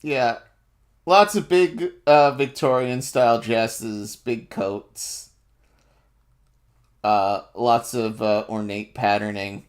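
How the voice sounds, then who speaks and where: Slow, rambling male game master. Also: medium pitch. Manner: slow, rambling descriptions with many fillers and laughs. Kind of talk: narrating a tabletop game.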